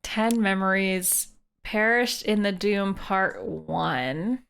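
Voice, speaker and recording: A woman's voice: medium pitch, slow, gravelly, a bit bright, clear, resonant tone. A woman from Canada, a live streamer, thinking aloud and chatting as she plays a mystery game.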